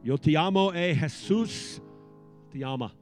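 A man voicing a gentle, devout woman in a sermon story, soft and pleading. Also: fairly high pitch, unhurried, faint music behind, natural voice. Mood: tender.

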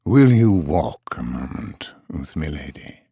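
An actor playing a charming, wry male noble knight in an audiobook drama, talking in a smooth, teasing way. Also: very deep voice, very animated, slow pace, mellow, dry recording, studio quality, heavily acted.

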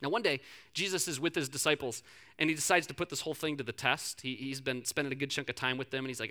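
Bright-voiced animated preacher man. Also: mid-range voice, fast talker. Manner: animated conversational storytelling with frequent repeated words. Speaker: pastor. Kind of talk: sermon. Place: live congregation.

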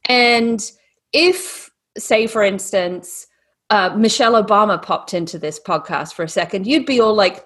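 A woman with a blended British and Texan accent that sounds Australian, speaking as a podcast guest in a lively, animated way. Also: on the high side, normal speed, husky. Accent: mixed British and Texan, sounds Australian. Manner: lively, animated storytelling with put-on voices. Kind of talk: casual podcast interview.

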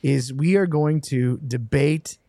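A man hosting a podcast, telling stories in a lively, self-mocking way. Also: mid-range voice, slow, creaky, dry recording, studio quality. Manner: animated, self-mocking storyteller. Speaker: podcast host. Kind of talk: casual chat.

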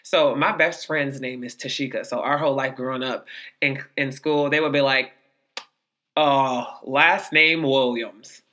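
A woman's voice: extremely low pitch, normal speed. A woman hosting a podcast, chatting casually and acting out quotes as she tells stories. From Ohio. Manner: lively storyteller, acts out quotes. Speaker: podcast host. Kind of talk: casual chat.

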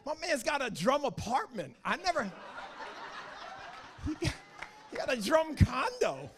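A man preaching a lively, joking sermon to a church service. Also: extremely high pitch, a little slow, noisy background. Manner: joking, animated, talks to the crowd. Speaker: guest preacher.

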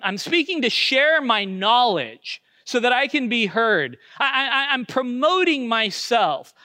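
A middle-aged man preaches to his church in a high, bright tone. He is earnest and confessional, pressing hard on key phrases, then sinking to hushed, nearly whispered words. The close mic sounds dry and close, with no room echo. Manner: earnest, swings from loud emphasis to hushed near-whispers. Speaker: pastor. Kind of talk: sermon.

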